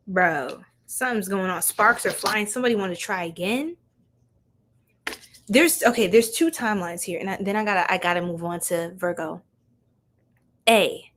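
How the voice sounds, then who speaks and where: A woman's voice: medium pitch, fairly bright tone. Young woman, tarot reader, live stream, chatty, slangy, laughs a lot, mid-range voice. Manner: chatty, laughs often, slangy, talks straight to viewers.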